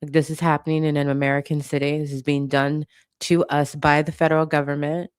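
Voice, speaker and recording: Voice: mid-range voice, flat delivery, brisk, clear, resonant tone, no echo, studio quality. A channel host giving an impassioned commentary monologue, blunt and profane, hammering points home with repetition.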